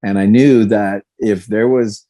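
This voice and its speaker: A man in his fifties with a fairly low voice speaks as a podcast guest, recounting his past in a candid, lively way. He slips into acted-out quotes as he tells the story. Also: unhurried. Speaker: guest, former fighter.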